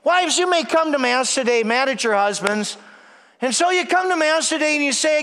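A man delivers a Mass sermon in a high, bright voice that rings out across a large church with a long reverb. He acts out the voices in his story and swings between loud, animated stretches and hushed, near-whispered lines. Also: normal speed. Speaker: preacher at Mass.

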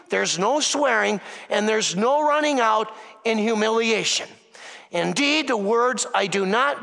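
A man preaches with a very high, bright voice, taking his time over each phrase. His tone has a gravelly edge, and he keeps posing questions to his listeners. The sound rings with the long reverb of a church. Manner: slow, emphatic preaching with rhetorical questions. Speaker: priest. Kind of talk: sermon.

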